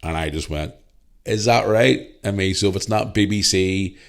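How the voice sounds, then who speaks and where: A man's voice: sits low, brisk. A man from Northern Ireland with a Northern Irish accent, hosting a podcast and telling a story in a blunt, heavily swearing way. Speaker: podcast host. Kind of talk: casual storytelling.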